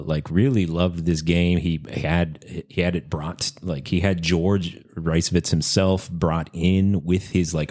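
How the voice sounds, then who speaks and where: Deep-voiced man rambling through a story. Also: darkish tone. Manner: rambling storyteller, many fillers and restarts. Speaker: podcast co-host. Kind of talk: casual podcast chat.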